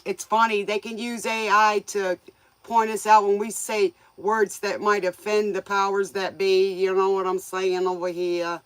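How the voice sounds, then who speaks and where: Woman host for a casual livestream: folksy, teasing, quick to laugh, medium pitch, dry recording. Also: flat delivery, smooth, no echo. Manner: folksy, joking, laughs often; scolds viewers playfully. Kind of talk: casual livestream chat with viewers.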